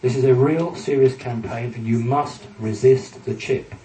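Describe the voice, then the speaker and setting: Dark-toned and a little slow, this medium-pitched male lecturer uses slides to deliver an earnest, emphatic warning to his audience. The sound comes from a distant mic in an echoey hall, with faint ambience and a bit of hiss or hum.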